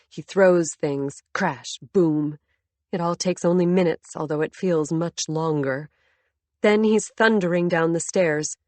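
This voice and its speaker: A woman's voice: fairly low pitch, a little mellow, dry recording. A woman reading a first-person story aloud as an audiobook narrator, with tense, intimate storytelling.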